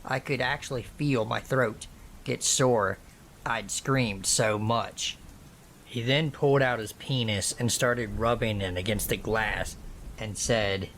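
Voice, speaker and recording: A man slowly narrating a true horror story in a measured reading voice. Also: medium pitch, fairly bright tone, a little hiss or hum. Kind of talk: scripted narration.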